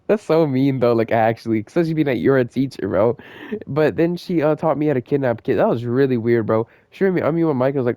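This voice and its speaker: A man's voice: mid-range voice, quick pace, no echo. A young man casually telling a rambling story, full of slang, fillers and side tracks. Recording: dull lo-fi dry recording.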